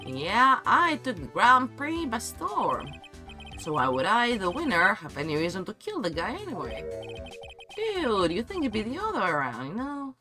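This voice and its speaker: A man's voice: high voice, huge pitch swings, normal speed, over music, pitched above the performer's own voice. A man voicing a laid-back young male actor in a courtroom game, drawling and calling everyone "dude". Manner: drawling, says "dude" a lot. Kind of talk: reading game dialogue aloud.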